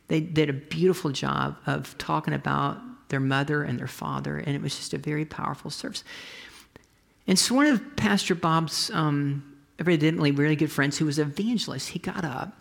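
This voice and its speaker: A pastor preaching a conversational, storytelling sermon, often restarting phrases and dropping to a soft whisper for emphasis. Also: mid-range voice, gravelly, in a large hall. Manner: frequent restarts and trailing phrases.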